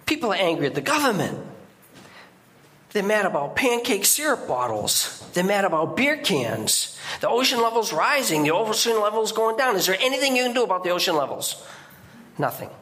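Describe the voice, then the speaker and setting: A man's voice: sits high, sing-song, normal speed, sharp tone. A middle-aged man giving a guest sermon in a church, preaching conversationally with restarts and sudden emphatic outbursts.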